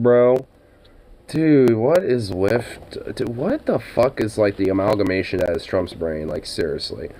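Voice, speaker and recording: A man's voice: lowish voice, unhurried, mellow, a little hiss or hum, low-quality recording. A young man reacting to a news clip, rambling and incredulous, with lots of cursing and stammered restarts. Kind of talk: casual reaction commentary.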